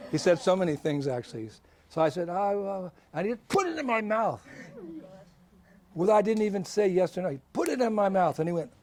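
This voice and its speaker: A man, a visiting swami, telling a story to schoolchildren in a lively way, laughing and bursting into shouts and chants. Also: high-pitched, a little fast, crowd noise. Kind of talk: animated storytelling.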